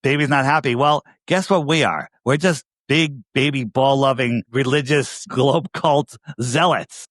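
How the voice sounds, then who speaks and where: A man's voice: mid-range voice, measured pace, few pauses, fairly bright tone, dry recording, studio quality. A man with a New York accent, a podcast guest talking emphatically, repeating himself and firing rhetorical questions. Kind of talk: casual interview talk.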